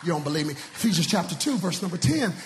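A male guest preacher from Dallas, Texas, preaching an energetic sermon with shouted, sing-song lines and call-and-response in a church. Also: fairly high pitch, quick pace, long reverb tail, slight background noise. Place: large church sanctuary.

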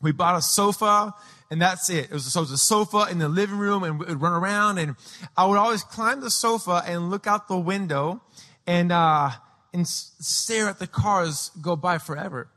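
Animated high-voiced preacher in echoey hall. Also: male voice, moderate pace. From Peru. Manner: animated, acts out childhood voices with shouts. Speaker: pastor. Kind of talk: sermon with personal storytelling. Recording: echoey hall with long reverb.

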